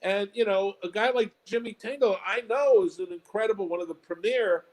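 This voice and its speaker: A man, a comedy club owner and guest, talking in a casual interview in a measured, thoughtful way. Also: high-pitched, poor audio.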